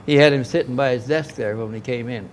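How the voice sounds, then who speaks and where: A man's voice: mid-range voice, fast. Older guy rambling through a story at a dinner table, keeps restarting lines, bit of hiss behind him. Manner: rambling, anecdotal, frequent restarts. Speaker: interview guest. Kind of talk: casual storytelling. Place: club dining room.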